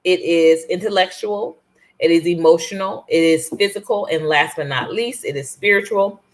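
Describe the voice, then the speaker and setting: A woman with a fairly low voice chats casually beside her partner on a couples show. She talks with frequent ums and restarts, reflective and unhurried. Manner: hesitant, many fillers and restarts.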